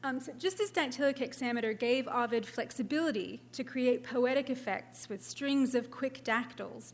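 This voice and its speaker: Casting note: woman, translator lecturing on verse, measured delivery, slightly high voice. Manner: measured, scans meter aloud. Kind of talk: academic lecture, partly read aloud.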